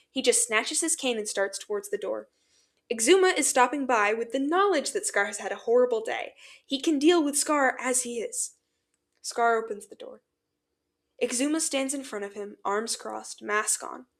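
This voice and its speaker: Woman narrating fanfiction, fairly high voice. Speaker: fanfiction podcast reader.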